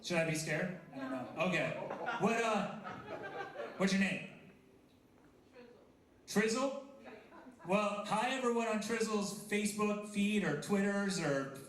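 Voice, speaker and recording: A man's voice: high-pitched, expressive, measured pace, long pauses. A man in his thirties performing a stand-up comedy set at a coffee house, self-deprecating and chatting with the crowd. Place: coffee house stage before a live audience. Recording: roomy live venue sound.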